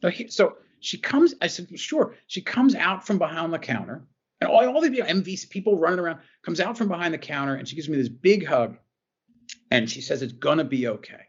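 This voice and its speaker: A man's voice: on the high side, animated, brisk, breathy edge, lo-fi sound. A man from New Jersey, a guest on a podcast, telling a personal story in an earnest way and often repeating phrases as he goes. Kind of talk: emotional personal storytelling in an interview.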